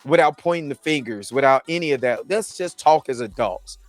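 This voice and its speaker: A man's voice: mid-range voice, lively intonation, fairly quick, no room sound. A man hosting a show, recapping a TV episode in a casual, conversational way and often asking "you know what I mean". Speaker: show host reviewing a TV episode.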